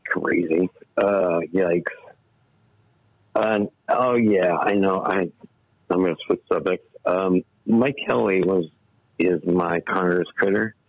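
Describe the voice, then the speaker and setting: A man calling in to a talk show, rambling and halting, swearing as he rants. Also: sits low, steady tone, gravelly, no room sound, dull audio. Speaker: caller. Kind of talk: casual call-in talk.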